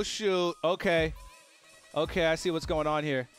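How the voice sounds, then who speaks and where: A man commentating his own gameplay as a gaming YouTuber, excitable and full of joking trash talk. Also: a little high, measured pace, clear, resonant tone, soft background music.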